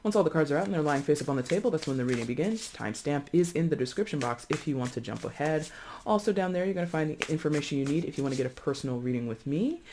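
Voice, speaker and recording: Casual tarot reader, chatty and expressive, loose delivery with fillers, talks to viewers as friends. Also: mid-range voice, racing, slight background noise. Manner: breezy, addresses viewers as friends. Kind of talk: casual tarot reading to camera.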